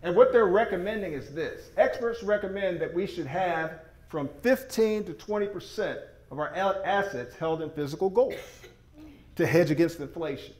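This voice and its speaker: A man's voice: sits high, moderate pace, darkish tone. A man giving an enthusiastic, folksy sales presentation with slides to a seated audience. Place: meeting room with audience. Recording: echoey room.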